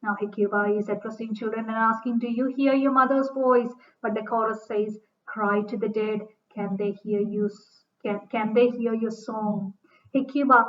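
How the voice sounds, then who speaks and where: A woman's voice: fairly high pitch, steady tone, normal speed. A woman giving a literature lecture, reading lines from a play aloud and then explaining them in plain words, with fillers and restarts. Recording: dull distant recording.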